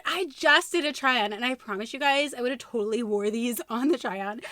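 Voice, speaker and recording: A young woman vlogging at home, unboxing gifts from a friend in a gushing, excitable way, with squeals and gasps. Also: a little high, a little hiss or hum. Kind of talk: casual vlog unboxing.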